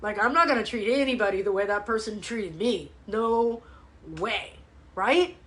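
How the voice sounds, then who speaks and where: A woman's voice: medium pitch, normal speed, fairly bright tone. A woman fitness coach ranting in a blunt, opinionated way with swearing, chatting live to viewers from home. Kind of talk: live ask-me-anything chat. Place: home, livestream. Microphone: webcam or phone mic.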